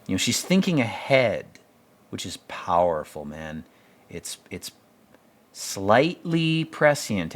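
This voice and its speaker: A man with a lowish voice talks through a TV episode in loose, profane commentary. His pitch swings widely as he rambles from one blunt opinion to the next. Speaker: podcast host commenting on a TV episode.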